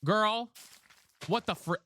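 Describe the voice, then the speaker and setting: A man livestreams a video game, chatting casually and sassily while reading his chat aloud. His voice is high, bright, and forceful, and he speaks slowly.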